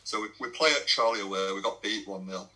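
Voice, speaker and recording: A man's voice: lowish voice, fast, sharp tone, rough recording. A young English man, a non-league footballer, telling laddish stories in a casual podcast chat, swearing and laughing as he goes.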